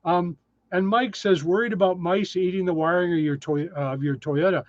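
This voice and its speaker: Man, 60s, livestream host, casual and self-deprecating, somewhat high voice, dry lo-fi sound. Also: steady tone, normal speed, no room sound. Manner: chatty, self-deprecating, answers viewer questions. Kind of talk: casual live chat reading comments.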